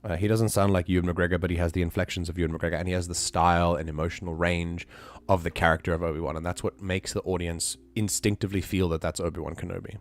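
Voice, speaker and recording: A man's voice: low voice, flat delivery, quick pace. A man chatting casually on a live stream, rambling with many restarts and fillers.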